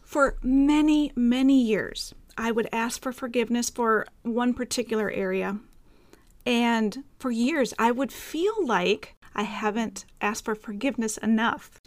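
A woman podcast host asking slow, earnest questions in an interview. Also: fairly high pitch, dry recording.

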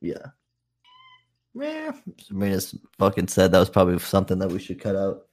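A man's voice: low-pitched, huge pitch swings, moderate pace, darkish tone. A young man, a youth program counselor, telling profane stories in a rambling casual chat full of "like" and "dude".

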